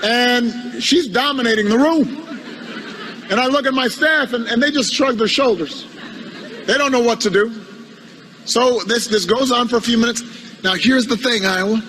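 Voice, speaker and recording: A politician delivers a humorous anecdote in a high, bright voice. He speaks haltingly and doubles up words as he goes. His tone stays wry throughout. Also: slight background noise, poor audio. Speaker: politician giving a speech.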